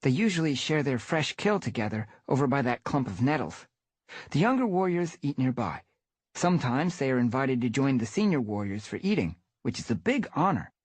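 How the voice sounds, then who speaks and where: A man voicing an eager, chatty young tom cat apprentice, pitched well above his own voice. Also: big pitch swings, fairly quick, husky, no room sound. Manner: chatty and helpful.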